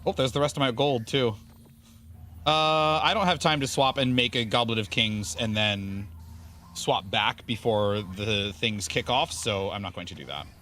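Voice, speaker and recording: A man with a fairly low, bright, forceful voice streams a video game at a slightly slow pace, chatting casually with viewers and rambling in a self-deprecating way. Slight background noise is audible.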